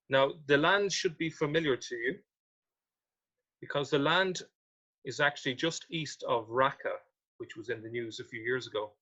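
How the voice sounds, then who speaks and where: A man's voice: medium pitch, moderate pace, pushed and bright, breathy edge, lo-fi sound. A man presenting a history talk with slides, reading out old quotations and questioning what they mean. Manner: reads quotations aloud, then questions them.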